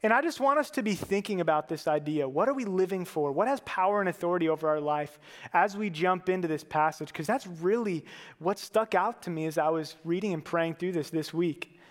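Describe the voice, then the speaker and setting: A man's voice: high-pitched, a little fast, big-room sound. A man giving a sermon as a pastor, earnest and conversational, with casual fillers.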